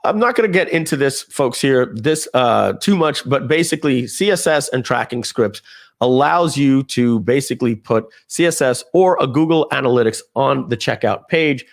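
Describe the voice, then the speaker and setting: A man giving a casual live software demo, talking viewers through settings with fillers and asides. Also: mid-range voice, normal speed, creaky. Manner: lively, conversational, with frequent fillers and asides. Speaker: software trainer.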